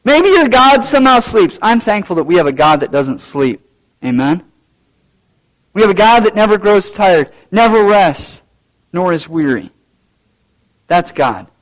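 Male preacher with a very high voice; sermon delivery that surges loud, then drops to near-murmured asides. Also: expressive, unhurried, long pauses, low-quality recording. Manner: dramatic swings between loud, raised lines and low, quiet asides. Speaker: pastor.

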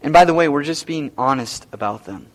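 A man's voice: a little high, lively intonation, brisk. A man preaching a sermon as pastor, emphatic and repeating key phrases.

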